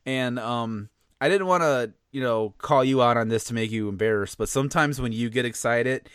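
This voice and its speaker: A man's voice: medium pitch, normal speed, clear, resonant tone, no echo, clean studio sound. A man in his late thirties with a Chicago accent, co-hosting a podcast in rambling casual chat, often stopping to restart and laugh. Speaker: podcast co-host.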